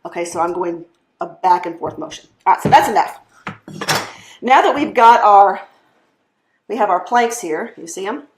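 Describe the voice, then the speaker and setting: A chatty woman talks through a live cooking demo in a mid-pitched, easygoing voice. She fills her explanations with "um" and "okay" and laughs often. The sound is roomy, with a clear echo off the kitchen walls. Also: expressive, moderate pace, long pauses, noisy background. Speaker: cooking show host. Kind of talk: casual live cooking demonstration.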